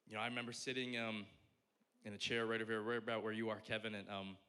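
A man's voice: lowish voice, quick pace, smooth. A young adult man giving a casual, conversational sermon as a pastor, joking at his own expense. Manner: conversational, self-deprecating, animated.

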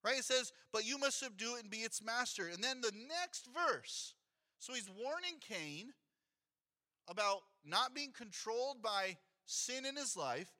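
A man's voice: very high voice, lively intonation, unhurried, bright, forceful tone. A man, a pastor, preaching a sermon in a conversational way, reading scripture aloud and adding rhetorical asides to his congregation.

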